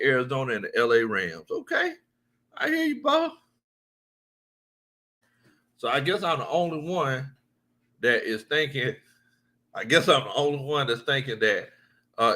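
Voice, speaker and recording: A man's voice: mid-range voice, bright, forceful tone. A man hosting a casual livestream sports chat, reading viewer comments, joking, laughing often and repeating his lines.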